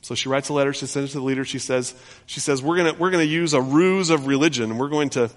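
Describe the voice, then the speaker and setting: A male pastor retelling a scripture story in an animated sermon, often restarting his sentences. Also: medium pitch, fast. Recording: long hall reverb.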